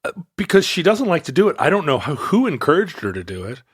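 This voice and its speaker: A man co-hosting a podcast, bantering in an animated, wry way. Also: on the high side, fast talker, breathy edge, no echo, clean studio sound. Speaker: podcast co-host. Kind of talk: casual chat.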